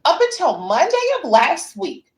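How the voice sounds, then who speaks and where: A woman's voice: sits high, wildly swooping pitch, unhurried, roomy sound, poor audio. A woman giving heated, profane political commentary, laying out her case with emphatic force.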